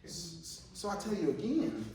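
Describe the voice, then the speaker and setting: Male, junior pastor, conversational sermon, high pitch, distant mic, echoey room. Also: sing-song, moderate pace, mellow, slight background noise. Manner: conversational, slangy, repeats words.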